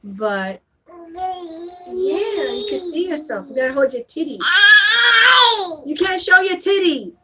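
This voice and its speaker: A woman's voice: high-pitched, sing-song, takes it slowly, long pauses, heavy background noise. A woman vlogging at home, talking to her baby in a coaxing voice and chatting with viewers. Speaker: vlogger and mother. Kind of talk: casual home vlog chat.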